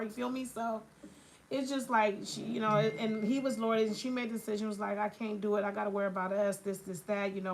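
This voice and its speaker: In a nail salon, a woman with a slightly high, sharp voice chats casually, rambling through a long story packed with filler phrases. It's captured on a phone livestream, with nail sanding clearly audible in the background.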